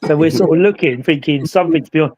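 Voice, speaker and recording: A man recounting a ghost investigation in casual chat, acting out the voices in his story with animated energy. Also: fairly high pitch, quick pace, husky. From England. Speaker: paranormal investigator.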